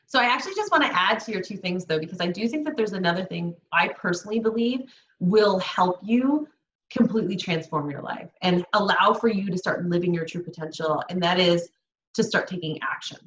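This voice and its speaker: A woman's voice: on the low side, brisk, fairly bright tone. A woman co-hosting a motivational podcast, talking earnestly and passionately to urge listeners to stop waiting and act. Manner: earnest, impassioned, urging listeners. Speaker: podcast co-host. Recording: echoey room, dull audio.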